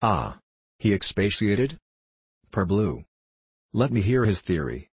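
A man's voice: on the low side, sing-song, slow pace, breathy edge, no echo, full character voice. A man reading a shrewd, ironic musketeer. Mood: curious. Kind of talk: audiobook character reading.

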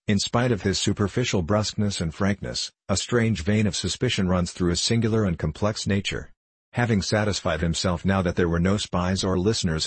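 A man narrating a classic novel in a measured, deliberate storytelling manner. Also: sits low, husky, no echo. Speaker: audiobook narrator.

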